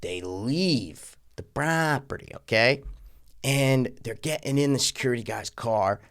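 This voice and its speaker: A man's voice: mid-range voice, measured pace, fairly bright tone. A man co-hosting a podcast, ranting casually and profanely about a horror film, with mocking impressions of the characters. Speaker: podcast co-host. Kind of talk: casual film review rant.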